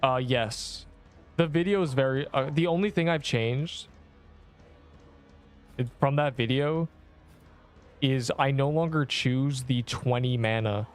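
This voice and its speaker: A man's voice: mid-range voice, slow, pauses often, clean tone, faint music behind. A man in his twenties streaming a game, chatting casually with viewers in a rambling, offhand, slangy way. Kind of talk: casual livestream chat answering viewers.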